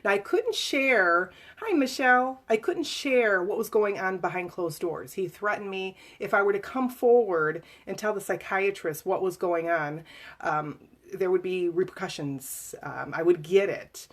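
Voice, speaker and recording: A woman reading aloud from her own memoir to a live audience, emotional and halting, with fillers and restarts. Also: lowish voice.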